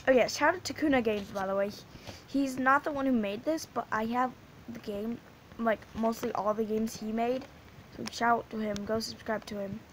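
A woman's voice: on the high side, fairly even intonation, normal speed, a little hiss or hum, poor audio. A female gaming channel host giving casual, rambling gaming commentary, giggling and restarting her sentences often.

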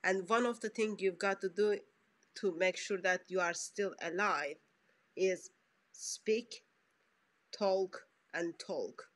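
A woman's voice: mid-range voice, fairly even intonation, a little slow, fairly bright tone. A woman interviewing a guest and speaking in an emphatic, preacher-like way.

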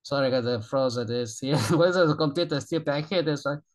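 Excitable man in broken English. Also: a little high, fairly quick. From Argentina. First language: Spanish. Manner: excitable, rambling broken English, frequent swearing. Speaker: YouTube reaction channel host. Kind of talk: casual reaction commentary.

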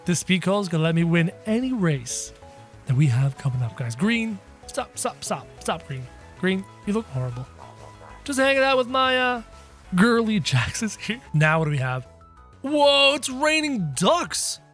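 A man giving excitable gameplay commentary with role-play, often breaking into shouts. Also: sits high, normal speed, faint music behind. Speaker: gamer playing as a character.

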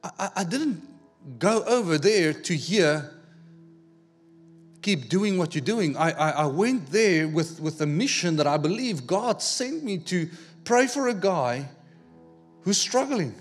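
A man preaching a sermon, telling a personal story in an animated way, acting out the dialogue and repeating words as he goes. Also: high-pitched, unhurried, breathy edge, faint music behind. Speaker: pastor.

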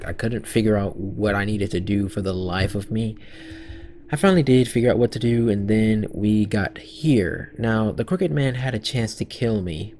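A man's voice: lowish voice, darkish tone, a little hiss or hum. A young man hosting a let's-play video, talking playfully and jumpily to his viewers. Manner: playful, jumpy, talks to viewers. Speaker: gaming video host. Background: faint game music.

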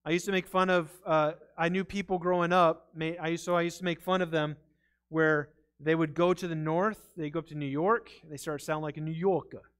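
High-voiced man preaching a sermon. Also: steady tone, brisk, fairly bright tone, clean tone. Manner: earnest, conversational preaching with restarts. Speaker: pastor. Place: church sanctuary.

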